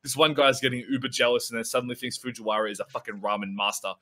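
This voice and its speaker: A man co-hosting a podcast in casual chat, excitable and rambling, swearing a lot as he talks. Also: mid-range voice, very fast. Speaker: podcast co-host.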